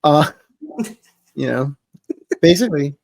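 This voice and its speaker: A man's voice: fairly high pitch, expressive, vocal fry, darkish tone, no echo. Joking man telling stories, dry sound. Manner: joking, storytelling, quick asides. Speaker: guest psychic advisor. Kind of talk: casual interview chat.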